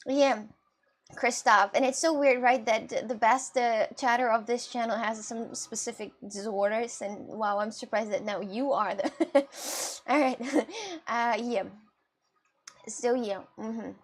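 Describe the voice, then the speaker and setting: A woman's voice: on the high side, fairly even intonation, measured pace. A young woman with a Russian and British mixed accent, chatting casually with her live-stream chat and laughing often.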